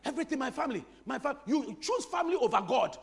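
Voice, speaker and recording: A man preaching from the pulpit in a very high voice that leaps up and down with lively energy. He repeats phrases for emphasis and jokes with his congregation as he goes. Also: quick pace, vocal fry. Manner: animated preaching with repetition and crowd-teasing humor. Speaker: pastor. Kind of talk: sermon.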